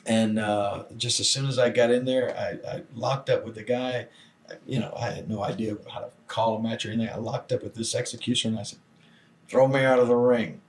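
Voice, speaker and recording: An older man, guest in a long interview, telling old stories with lively acted-out quotes. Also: fairly low pitch, brisk. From Southern United States. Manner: animated storyteller acting out quoted voices. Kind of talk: storytelling shoot interview.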